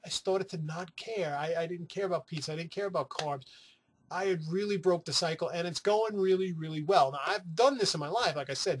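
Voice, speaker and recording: A man's voice: fairly high pitch, a bit bright, a little hiss or hum. A man from New City, chatting casually to camera in a rambling, profane way with playful asides. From New York City. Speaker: weight-loss vlogger.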